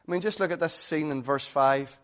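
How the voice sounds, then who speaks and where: A man delivers a sermon in a fairly high-pitched voice. His preaching is earnest and conversational, and he keeps putting rhetorical questions to his listeners. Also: brisk.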